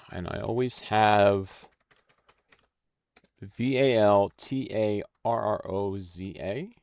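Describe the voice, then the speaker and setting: A man hosts a laid-back livestream and talks his way through the work at an unhurried pace. His voice has a gravelly edge. He trails off and restarts as he thinks aloud, and the sound is close and dry. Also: fairly low pitch, a little mellow, no echo, muffled recording. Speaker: stream host. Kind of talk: casual livestream chat while designing cards.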